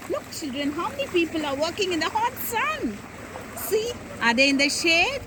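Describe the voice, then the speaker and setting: A kindergarten teacher with an Indian English accent gives a nature talk outdoors in a village field, asking coaxing questions in a sing-song way. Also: female voice, high-pitched, lively intonation, normal speed, background noise.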